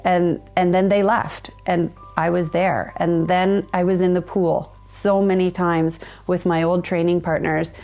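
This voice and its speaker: Gravelly low-voiced woman telling a personal story. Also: level tone, darkish tone, soft background music. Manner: reflective, halting, many fillers and restarts. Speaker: guest.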